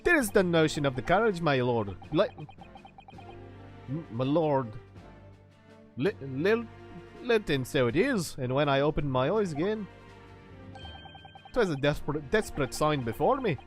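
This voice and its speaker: A man voicing a sleepy, halting male suspect in a put-on Scottish accent. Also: on the high side, big pitch swings, faint music behind. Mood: rambling. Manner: halting, overly polite, stumbling.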